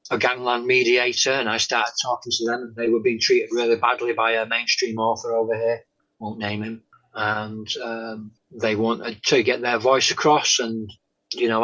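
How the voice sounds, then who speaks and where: A man, a guest telling his faith testimony in an interview, halting with many pauses and "um"s and often dropping to a soft tone. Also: mid-range voice. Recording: dull lo-fi sound.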